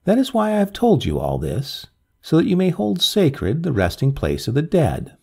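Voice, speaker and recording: A man voicing a pale, dying young man who speaks calmly and gravely. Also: on the high side, moderate pace, voice pushed up, heavily acted. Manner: calm, quiet, grave.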